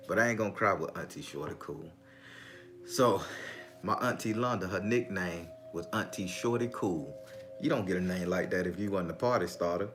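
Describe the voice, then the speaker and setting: A man's voice: low voice, moderate pace, over music. A middle-aged man, telling family stories and preaching in a casual, profane way. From Southern US. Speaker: spiritual vlogger. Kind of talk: casual spiritual talk.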